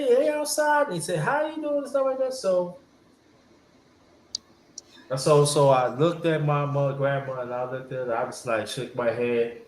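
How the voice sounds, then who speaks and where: A slightly high-voiced man tells a family story in a loose, rambling way, doubling up his words and slipping into his relatives' voices. He sounds like he's in an echoey room, with a faint hiss behind him. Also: a little mellow. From New York. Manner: rambling, repeats words, acts out family members' lines. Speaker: host telling a family story. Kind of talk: casual storytelling to a live audience.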